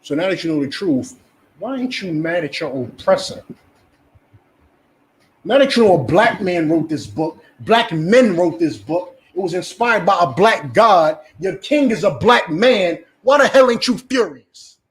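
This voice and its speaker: A man's voice: high-pitched, lively intonation, unhurried. A man with a New Jersey accent preaching a fiery street sermon, swearing and acting out the voices he quotes.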